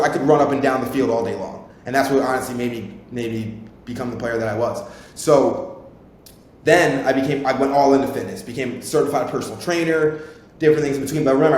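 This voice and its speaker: A young man in his twenties, a podcast host telling a rambling, informal personal story and swearing freely. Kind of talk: casual storytelling. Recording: very echoey room, faint rumble.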